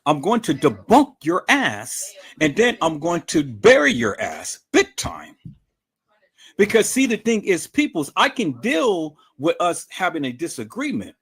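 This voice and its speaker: Fired-up guy ranting on his livestream, aave, voice swings all over, kinda high for a man. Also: huge pitch swings, measured pace, fairly bright tone, breathy edge. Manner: angry, profane, repetitive, confrontational. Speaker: livestream host. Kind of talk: heated livestream rant.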